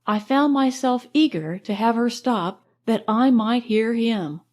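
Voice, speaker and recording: Slow, expressive woman audiobook narrator. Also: on the high side.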